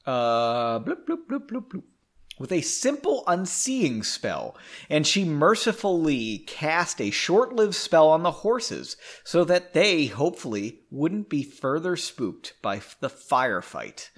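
A man's voice: a little high, very animated, slow pace, slightly rough. A man at home reading a fantasy story aloud, chatty and self-mocking, often stumbling and rereading lines. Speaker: amateur story reader. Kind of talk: casual read-aloud with asides.

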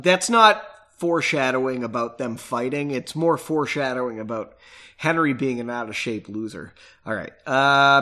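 A man's voice: medium pitch, normal speed, pushed and bright. A man with a stuffy nose, chatting casually and rambling with self-mocking asides. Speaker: podcast host and reader. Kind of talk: casual chat and reading aloud.

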